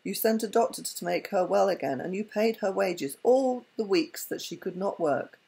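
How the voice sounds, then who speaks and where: A woman voicing a wealthy male enchanter who speaks gravely and in a measured way in a storybook reading. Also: mid-range voice, animated, dark tone, exaggerated voice, low-quality recording.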